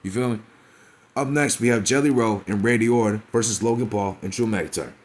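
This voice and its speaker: A man's voice: fairly low pitch, a little fast. A man giving a casual wrestling review in a blunt, profane, slangy rant, often asking whether the listener follows him. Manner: blunt, profane, slangy, with frequent "you feel me" asides.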